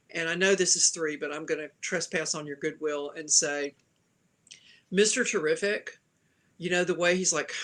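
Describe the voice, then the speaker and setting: A woman's voice: deep voice, pushed and bright. A woman from the American South, a panelist giving opinionated film criticism with wry asides in a casual chat.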